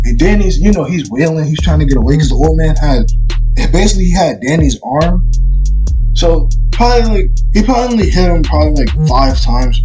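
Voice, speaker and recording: A man casually telling a personal story time, rambling with lots of fillers and getting loud as the argument heats up. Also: fairly high pitch. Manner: rambling, many fillers like "like" and "you know"; grows loud and heated when retelling the argument. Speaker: YouTube storyteller.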